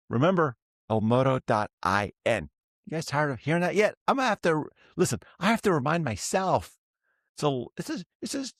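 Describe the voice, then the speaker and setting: A man's voice: mid-range voice, no room sound, studio quality. A middle-aged man hosting a land sales show, reading prices and property numbers with chatty, joking asides. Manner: chatty, jokey storytelling between listings. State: tired. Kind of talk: casual sales pitch.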